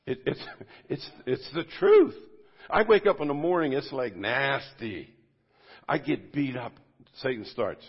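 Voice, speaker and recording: Male pastor, husky mid-pitched voice, informal sermon at a church service, dull lo-fi recording. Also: sing-song, slow pace, pauses often. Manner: conversational, swinging from loud bursts to quiet asides. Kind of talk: informal sermon to a men's group.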